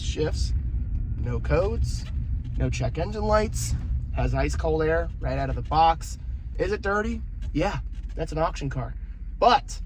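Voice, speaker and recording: Young male car-flipper vlogger, higher voice, salesy and blunt, outdoor noise on the mic. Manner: blunt, swearing, salesman banter. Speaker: used car dealer and YouTuber. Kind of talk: casual vlog walkaround. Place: outdoors at a car auction lot.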